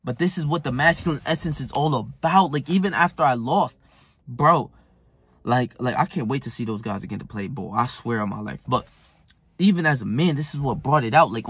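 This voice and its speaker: A man's voice: medium pitch, fairly bright tone, husky, no echo. A man telling a rambling, profane story in casual chat, heated and full of fillers. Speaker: self-improvement vlogger.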